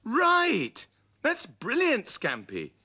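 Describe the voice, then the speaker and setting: A man voicing an eager little male bear puppet who builds gadgets, brisk and enthusiastic. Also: on the high side, huge pitch swings, sharp tone, voice pushed up, heavily acted. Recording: hissy old VHS tape.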